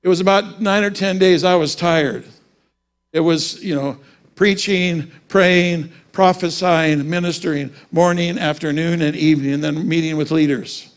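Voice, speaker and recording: A man's voice: a little high, steady tone, measured pace. A man preaching a sermon, telling a personal story and then rising into fervent preaching.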